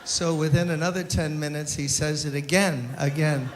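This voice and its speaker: A man, a pastor, giving a eulogy at a memorial service as an animated storyteller who acts out the quotes. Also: on the high side, moderate pace, hardly any pauses, a little hiss or hum.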